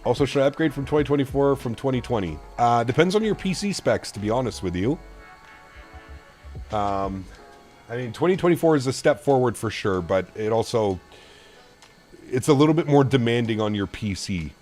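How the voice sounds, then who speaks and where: A man's voice: medium pitch, animated, moderate pace, darkish tone. Canadian guy streaming flight sim, chill and chatty, cusses a lot, faint music behind. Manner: laid-back, chatty, swears freely. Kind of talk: casual live-stream commentary.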